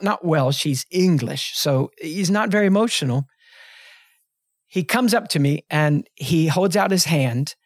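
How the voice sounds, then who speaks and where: A man in his fifties, a pastor, tells a personal story in an earnest, reflective podcast conversation, often restarting his sentences. His voice is fairly high, captured on a close studio mic with a clean sound and no room echo.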